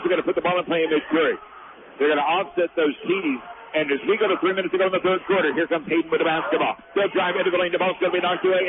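A man calling a basketball game as play-by-play announcer from high in the arena stands, with rapid excited calls during fast plays. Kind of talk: radio basketball play-by-play commentary. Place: arena, top of the seating area behind the scorer's table. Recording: phone-like radio broadcast with noise.

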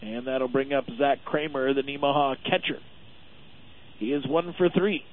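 A man giving play-by-play commentary on a baseball game for a radio network, steady and full of stats. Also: mid-range voice, normal speed. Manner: steady, informative, stat-heavy. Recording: narrow phone-like radio audio.

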